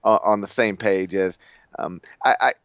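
A man's voice: fairly low pitch, moderate pace, vocal fry, a bit bright, smooth, no room sound, dull audio. A man co-hosting a casual sports podcast, reading listener mail in a wry, matter-of-fact way.

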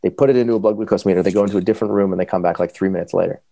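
A man's voice: low voice, vocal fry, no room sound. A man telling his own story as a podcast guest, casually and animatedly, with lots of fillers. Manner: animated, quick, full of fillers.

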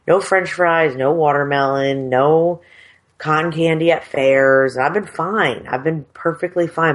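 A woman's voice: low-pitched, measured pace. A woman co-hosting a podcast, talking in a chatty, rambling and frank way over a video call. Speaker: podcast co-host. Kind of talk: casual chat. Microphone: headset on a video call.

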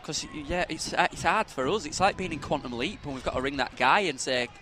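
A man's voice: fairly high pitch, animated, fairly quick. A man co-hosting a podcast, chatting and joking with a friend at a football match. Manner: joking, chatty, jumps between loud outbursts and mutters. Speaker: podcast co-host. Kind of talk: casual chat.

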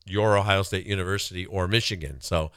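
A man's voice: sits low, steady tone, fairly quick, a bit bright, smooth, dry recording. A man co-hosting a talk show, chatting casually about sports, jumping up into quoted voices. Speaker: co-host.

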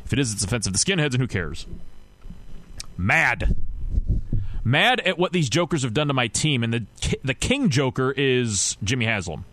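A man's voice: mid-range voice, expressive, fairly quick, fairly bright tone, slight background noise. A man hosting a podcast, ranting casually and with frustration about his football team, rambling and restarting his sentences often. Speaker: podcast host. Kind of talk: casual sports rant.

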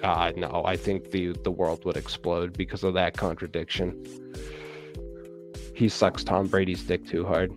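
Laid-back, low-voiced male co-host. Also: little pitch movement, a little slow, faint music behind. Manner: laid-back, hesitant, with many fillers. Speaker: podcast co-host. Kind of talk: casual sports podcast chat.

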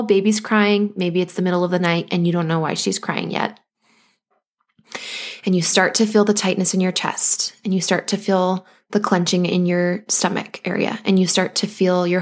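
Gentle woman coaching new mothers. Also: mid-range voice. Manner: gentle, reassuring, acts out anxious thoughts in quick asides. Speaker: podcast host and postpartum coach. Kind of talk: speaking directly to listeners.

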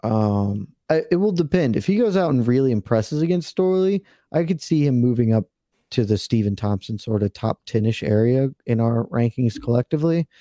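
A man chatting casually as a panelist, measured and thinking aloud as he talks. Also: medium pitch, lively intonation, warm tone, dry recording, studio quality.

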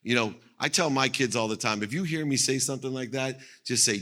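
A middle-aged man delivers a motivational keynote from a stage, his voice bright and forceful. He drives his points home emphatically, circling back on key phrases to hammer them in. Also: mid-range voice, brisk, hardly any pauses. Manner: emphatic, repeats phrases for effect. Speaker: motivational speaker. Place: on stage at an event.

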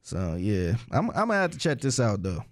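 A man's voice: on the low side, wildly swooping pitch, a little fast. A man co-hosting a casual podcast chat, easygoing and teasing, laughing often. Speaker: podcast co-host.

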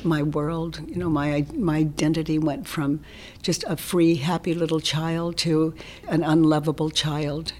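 Lady talking slow and gentle, kinda husky, slips into whispers a lot. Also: deep voice, steady tone. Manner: gentle, often dropping into a soft whisper. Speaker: interview guest, self-inquiry teacher. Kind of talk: reflective conversational explanation.

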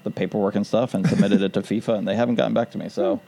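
A man's voice: fairly low pitch, fairly even intonation, very fast, creaky, warm tone. A man co-hosting a casual podcast, rambling through his ideas and laughing at them. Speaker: podcast co-host.

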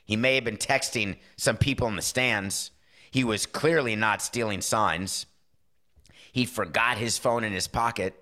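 A man's voice: fairly low pitch, sharp tone. Wry man hosting a sports talk show. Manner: wry, conversational, acts out quick quoted exchanges. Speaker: podcast host. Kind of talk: casual sports talk monologue.

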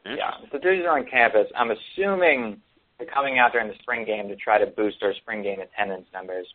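A man's voice: on the low side, fairly quick. A man co-hosting a casual sports talk show, rambling with many ums and restarts. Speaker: podcast co-host. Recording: tinny phone-like sound.

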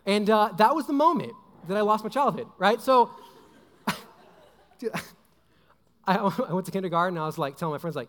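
Young guy pastor rambling thru a jokey sermon, high voice, lots of ums, big hall echo. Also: expressive, normal speed, long pauses, fairly bright tone. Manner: rambling, joking, full of fillers and asides. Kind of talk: casual sermon. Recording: long hall reverb.

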